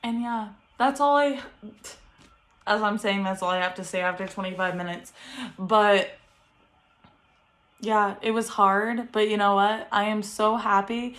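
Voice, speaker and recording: A woman's voice: mid-range voice, fairly even intonation, unhurried, long pauses, a bit bright. A young woman, a first-time mother, talking earnestly and encouragingly to camera at home, often laughing. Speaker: vlogger, first-time mom. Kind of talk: heartfelt vlog talk to camera. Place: home bedroom with ring light.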